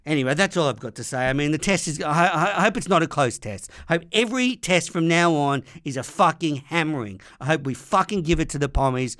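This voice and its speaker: A young Australian man rants with open fury, swearing hard and hammering his points. His voice sits fairly high and sounds smooth and clear. The recording is close and dry, with no room around it. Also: lively intonation, brisk, hardly any pauses, a bit bright, no room sound. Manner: furious, sweary, ranting. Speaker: podcast host. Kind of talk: angry sports rant.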